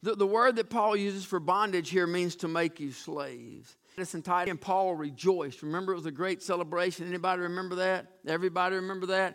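A man's voice: high-pitched, a bit bright, clear, resonant tone. A man preaching a sermon emphatically, often restarting words and calling out to his congregation.

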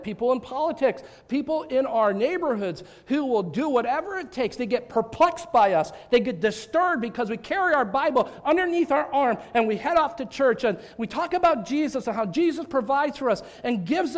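A male pastor preaching a sermon, animated and talkative, with frequent restarts and rhetorical questions to his congregation. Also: very high voice.

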